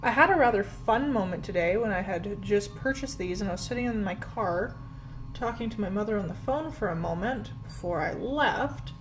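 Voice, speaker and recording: In an animated, mid-range voice at normal speed, a young Canadian woman talks through her makeup routine at home in a relaxed get-ready-with-me video. This beauty vlogger pokes fun at herself and leans heavily on "like." The background is noisy, with soft music playing faintly.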